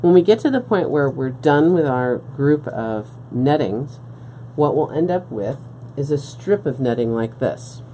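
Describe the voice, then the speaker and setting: A woman with a dark-toned bass voice runs a live craft stream on beading, set up at a work table. She talks a little slowly yet animatedly with hardly any pauses, patiently covering each step and often asking "okay?", amid slight background noise.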